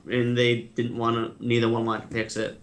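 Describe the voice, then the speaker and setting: A man hosting a casual gaming podcast, talking in a relaxed way and laughing easily. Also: mid-range voice, normal speed. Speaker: podcast host. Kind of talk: casual chat.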